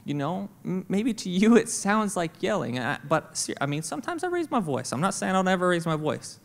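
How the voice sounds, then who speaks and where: A man preaching a sermon as senior pastor in a church, conversational and animated, acting out the voices of children and God. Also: high-pitched, a little fast, vocal fry, hardly any pauses. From St. Louis, Missouri. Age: adult with kids. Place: church auditorium. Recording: reverberant church hall.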